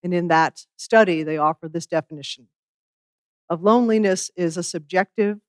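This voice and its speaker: A minister giving a sermon in a measured, reflective way, with wry asides. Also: medium pitch, no room sound, studio quality.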